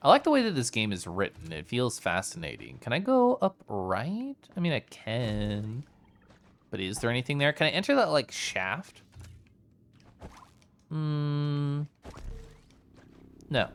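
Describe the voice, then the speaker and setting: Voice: mid-range voice, big pitch swings, measured pace, fairly bright tone. A streamer giving chatty, playful live commentary while playing a game and joking with chat.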